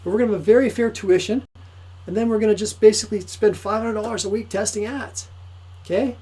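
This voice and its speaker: A man giving an excitable, repetitive motivational sales pitch to camera for his course. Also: fast, husky, poor audio. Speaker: course promoter.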